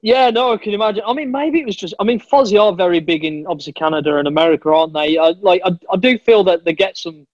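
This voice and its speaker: A man with a slightly high voice tells stories with eager, chatty enthusiasm and keeps calling his friend mate. His voice comes through dull and lo-fi, with a dry, close sound and no room echo. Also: fast, few pauses. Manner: chatty, enthusiastic storyteller, says "mate" a lot. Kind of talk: casual chat.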